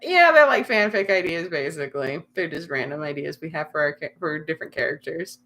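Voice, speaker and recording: A young woman hosting a relaxed livestream and talking straight to her chat. She is chatty and teasing, and she giggles a lot as she reads comments and spins fun ideas. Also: deep voice, brisk. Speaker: livestream host.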